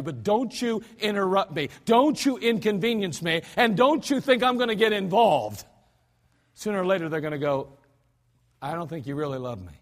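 A man preaching a sermon as pastor, talking conversationally and dropping to quiet spoken lines before sudden shouted demonstrations. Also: sits high. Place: church sanctuary.

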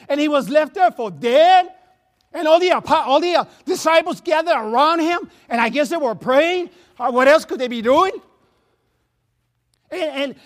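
High-voiced Spanish-accented man preaching. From Latin America. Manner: repeats words and restarts, laughs at himself, storytelling. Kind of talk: sermon. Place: church sanctuary.

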